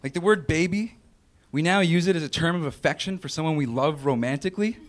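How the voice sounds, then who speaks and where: Here a young man performs stand-up at a comedy club, his rambling, casual delivery punctuated by acted-out voices and audience laughter. His pitch is fairly high and he talks a little fast, caught on a noisy recording from the club.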